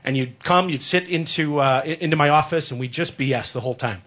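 A man's voice: a little high, quick pace, fairly bright tone. A man in his thirties, a radio sports director, giving a rambling, heartfelt farewell tribute on air with many fillers.

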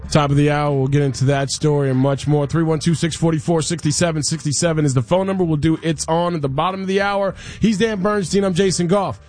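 A man's voice: fairly high pitch, steady tone, fairly quick, hardly any pauses, darkish tone, soft background music. A man hosting a sports talk radio show, reading news and adding wry, incredulous commentary. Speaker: radio host.

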